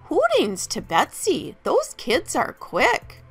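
A woman's voice: high voice, wildly swooping pitch, slow, fairly bright tone, soft background music, voice pushed up, exaggerated voice. A woman voicing a teasing, gleeful Halloween witch in a sing-song storybook voice. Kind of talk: storybook character voice.

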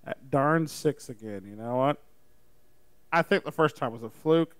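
A man's voice: medium pitch, a little slow, fairly bright tone, smooth, dry recording. Playful man contestant, dry close sound. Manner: playful, joking. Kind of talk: casual game play.

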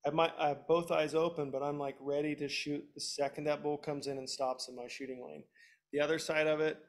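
A man's voice: a little high, little pitch movement, a little fast. A man in his thirties, a hunting guest expert, giving practical, direct advice in an instructional webinar.

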